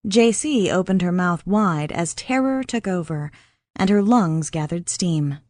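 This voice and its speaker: A woman reads an audiobook in scripted narration, measured and even. Her voice is on the low side, and the clean studio sound has no echo.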